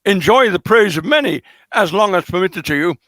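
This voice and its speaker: A man reading out a queen's formal speech to her husband in his own voice, slow and measured. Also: fairly high pitch, very animated, gravelly, a bit bright, dry recording, heavily acted. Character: a queen addressing her old husband, tactful.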